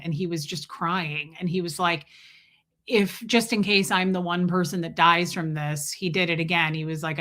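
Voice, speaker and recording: A woman with a lowish voice and a sharp edge hosts a casual livestream. She tells a meandering personal story and keeps pausing to greet chat viewers by name.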